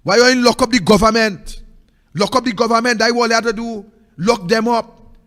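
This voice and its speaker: A man's voice: very high-pitched, fairly even intonation, normal speed, pushed and bright, in a large hall. A man with a Trinidadian accent hosting a political commentary show, ranting in a fiery, repetitive way that sometimes turns sing-song. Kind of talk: impassioned political monologue.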